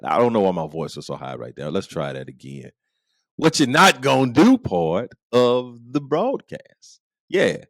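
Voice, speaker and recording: A man's voice: lowish voice, big pitch swings, a little slow, dry recording. A middle-aged man hosting a podcast, joking through a comedic monologue with playful asides and frequent laughter. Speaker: podcast host.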